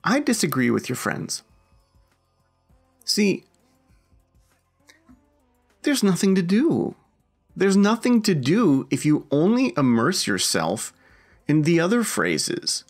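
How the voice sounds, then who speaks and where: A man's voice: on the high side, gravelly. A man hosting a self-help podcast monologue in a wry, self-mocking way, often putting on voices when he quotes other people. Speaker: podcast host.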